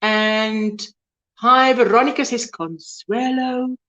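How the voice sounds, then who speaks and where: A woman's voice: on the high side, expressive, slow, faint music behind. A woman hosting a casual live-stream chat, greeting viewers and reading their comments aloud. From South Africa. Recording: dull lo-fi stream audio.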